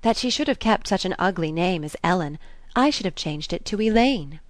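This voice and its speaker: A woman's voice: lowish voice, lively intonation, fairly quick, dry recording, lightly acted. A woman reading a novel aloud, voicing a chatty young society woman who speculates with artless malice. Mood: flustered. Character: high-strung gossipy young society woman.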